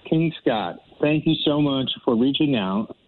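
A man's voice: mid-range voice, expressive, a little slow, a little hiss or hum. A man on a phone call into a radio show, sore after surgery, telling stories in a casual, self-deprecating way. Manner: storytelling, quoting others, self-deprecating. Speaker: co-host recovering from surgery, on the phone.

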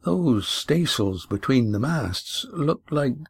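A man doing a muttering gruff sailor. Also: mid-range voice, expressive, slow, no room sound, clean studio sound, heavily acted. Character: gruff male sailor, dry grumbling wit.

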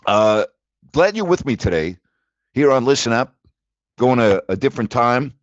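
A man's voice: mid-range voice, moderate pace, no echo, highs cut off. A man hosting a sports talk show, ranting in disbelief about the latest league news. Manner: animated, incredulous ranting. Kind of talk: sports talk radio monologue.

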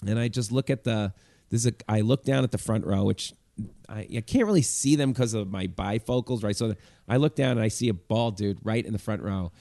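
A male comedian telling a story on a podcast, animated and acting out the people in it. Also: lowish voice, a little fast, gravelly, no echo, clean studio sound.

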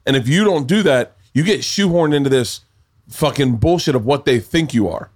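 A man's voice: medium pitch, animated, moderate pace. Rambling, emphatic male podcast host. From American South. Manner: rambling, emphatic, swears freely. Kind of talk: casual chat.

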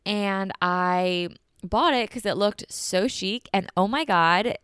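A woman's voice: mid-range voice, slow, a bit bright, clear, resonant tone, no echo, studio quality. A young woman hosting a casual solo podcast, chatty and bubbly, saying "like" a lot and a little congested from allergies. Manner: bubbly, chatty, heavy use of "like". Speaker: podcast host.

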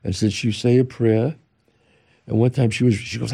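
Animated older storyteller man, gravelly voice. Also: mid-range voice, normal speed. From New York. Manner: animated, acts out relatives' voices. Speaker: guest, actor and writer. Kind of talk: storytelling interview.

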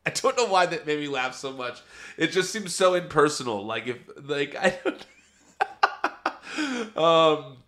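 A man's voice: on the high side, animated, unhurried, long pauses, pushed and bright. A young adult man hosting a podcast, giving a chatty, casual recap of a wrestling show and laughing often as he tells it. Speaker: podcast host.

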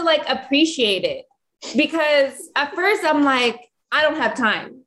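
A woman's voice: high-pitched, lively intonation, slow, fairly bright tone. A woman guest on a podcast, speaking earnestly and thoughtfully with frequent "um" and "like.". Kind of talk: casual reflective chat.

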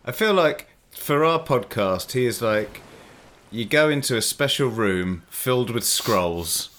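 A man's voice: mid-range voice, a little slow. A man co-hosting a comedy podcast, chatting casually and animatedly. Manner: chatty, animated, loose with fillers like "like". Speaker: podcast co-host.

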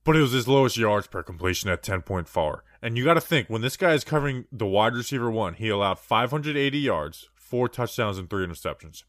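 A man's voice: mid-range voice, expressive, fairly quick, hardly any pauses, fairly bright tone, no echo, studio quality. A man co-hosting a sports podcast, chatting casually and rambling through stats with plenty of restarts.

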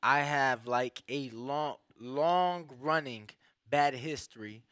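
A man's voice: medium pitch, slow, fairly bright tone, clear, resonant tone, no room sound, studio quality. A young man co-hosting a casual podcast, talking in slang, saying "bro" a lot and often restarting his sentences. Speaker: podcast co-host. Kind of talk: casual chat.

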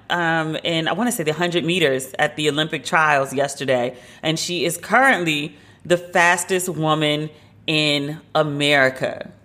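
A woman's voice: sits low, a bit bright. A woman hosting a casual solo podcast from her home loft, chatty and gushing, with a lot of filler "like". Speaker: podcast host.

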